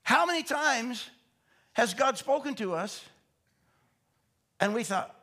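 Pastor, male, high voice, chatty verse-by-verse preaching, rhetorical questions. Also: expressive, slow pace, sharp tone. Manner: conversational, repeats words, asks rhetorical questions. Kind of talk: Bible teaching sermon.

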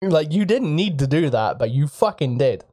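A man from the UK running a tabletop game, excitable and profane, laughing often. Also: on the high side, normal speed. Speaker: game master.

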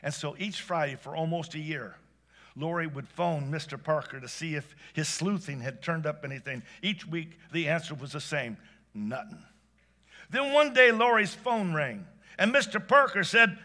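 Guy telling a story, high bright voice, goes quiet then gets all excited. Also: moderate pace. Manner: animated, swings between hushed and excited. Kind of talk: expressive spoken storytelling.

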